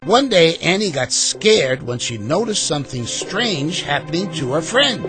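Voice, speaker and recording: Animated male storyteller reading aloud. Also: on the high side, measured pace, hardly any pauses, music in the background. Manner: expressive, animated. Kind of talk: children's story read-aloud.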